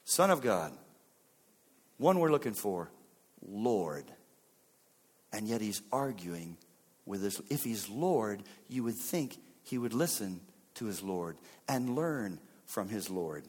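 A man preaching a sermon with dramatic delivery. He acts out the lines of biblical figures, swinging sharply between loud and soft. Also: sing-song, takes it slowly, husky, big-room sound. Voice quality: dramatic, voicing biblical figures with wide swings in pitch and loudness. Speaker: pastor.

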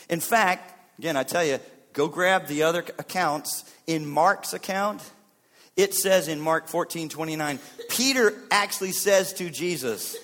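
A man preaching a sermon with dramatic delivery. He acts out the lines of biblical figures, swinging sharply between loud and soft. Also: measured pace, big-room sound. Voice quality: dramatic, voicing biblical figures with wide swings in pitch and loudness. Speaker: pastor.

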